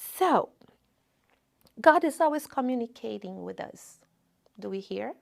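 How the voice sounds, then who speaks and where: A woman in her fifties giving an informal spiritual talk at a spiritist center, with personal stories and gentle humor. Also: a little high, expressive, unhurried, gravelly. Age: 50s. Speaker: spiritist lecturer. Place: lecture room at a spiritist center.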